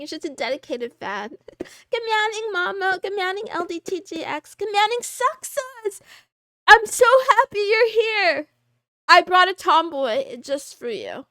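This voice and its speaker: Giggly high-voiced woman streamer. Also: no echo, clean studio sound. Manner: giggly and excitable. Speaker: live streamer. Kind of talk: casual chat reading live chat.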